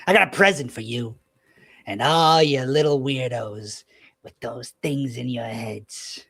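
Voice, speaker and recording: A man voicing a small, gleeful villainous captain who booms taunts through a megaphone. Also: a little slow, husky. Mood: taunting. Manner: loud taunting booming.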